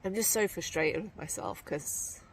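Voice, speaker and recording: An exhausted woman talking to camera outdoors in a casual vlog, weary and sighing, sometimes hushed. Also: lowish voice, moderate pace, a little hiss or hum, rough recording. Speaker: walking vlogger. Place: outdoors at a camp spot by a trail.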